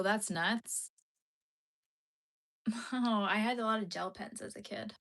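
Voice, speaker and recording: A young adult woman talks slowly in a mid-range, creaky, fairly bright voice while crocheting on a live stream. She chats casually, answers comments from viewers, and mutters to herself along the way.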